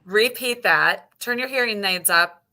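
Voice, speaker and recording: Bright-voiced woman co-hosting. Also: mid-range voice, a little slow. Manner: brief supportive interjections and relayed listener questions. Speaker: co-host. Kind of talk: casual chat.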